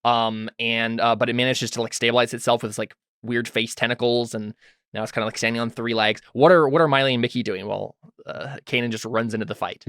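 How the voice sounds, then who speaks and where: A man's voice: mid-range voice, flat delivery, fast talker, a bit bright, no echo, studio quality. A man running a tabletop role-playing game, talking loosely with many fillers and asking the players what they do. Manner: loose, filler-heavy, asks players questions. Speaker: game master.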